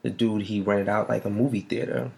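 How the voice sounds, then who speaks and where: A man co-hosting a casual podcast, telling a story slowly with many ums. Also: on the low side, flat delivery, creaky, darkish tone. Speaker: podcast co-host. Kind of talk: casual chat.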